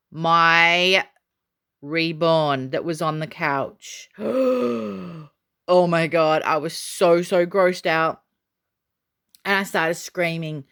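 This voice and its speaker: A woman vlogger telling a story casually to camera, chatty and excitable with many fillers. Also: lowish voice, clean tone. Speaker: doll collector vlogger.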